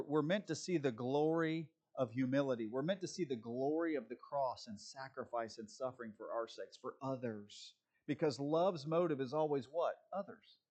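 A man's voice: medium pitch, darkish tone. A man preaching a sermon as pastor, asking his listeners rhetorical questions, answering them himself and dropping wry jokes along the way. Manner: wry, joking asides.

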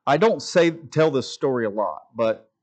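A middle-aged man giving an informal preaching talk, conversational and animated, mimicking voices when he tells stories. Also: medium pitch, normal speed. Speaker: Christian speaker.

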